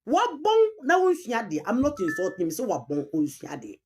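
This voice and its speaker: A woman's voice: a little high, huge pitch swings, moderate pace, faint music behind. A woman with a Ghanaian accent giving emphatic commentary, repeating key terms and mixing languages as she argues a point. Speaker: commentator on chieftaincy history. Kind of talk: argumentative online commentary.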